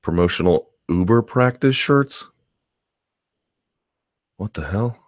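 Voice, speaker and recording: A man's voice: on the low side, lively intonation, slow, dry recording, studio quality. A man hosting a live chat stream, answering viewer questions in a loose, rambling conversational way with restarts and asides.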